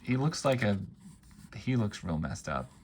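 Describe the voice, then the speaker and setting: A man's voice: on the low side, sing-song, measured pace, a little hiss or hum. A man giving wry, offhand running commentary while paging through a book, with plenty of ums and uhs. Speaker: book reviewer.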